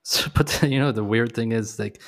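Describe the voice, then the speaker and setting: A man's voice: mid-range voice, moderate pace, fairly bright tone. A man co-hosting a podcast, chatting casually and wryly about a movie. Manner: chatty, wry, swears casually. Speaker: podcast co-host. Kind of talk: casual movie review chat.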